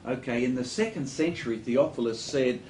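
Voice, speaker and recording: A man speaking as a talk-show guest, lecturing in an animated storytelling way with joking asides. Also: mid-range voice, a little fast, reverberant, a little hiss or hum, rough recording. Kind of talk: studio talk show discussion.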